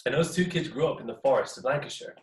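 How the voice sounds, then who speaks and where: Young English storyteller in an echoey room. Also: male voice, mid-range voice, fast talker. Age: young adult. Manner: playful, chatty, asks listeners questions. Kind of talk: live storytelling to an audience. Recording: echoey room, mic at a distance, faint noise.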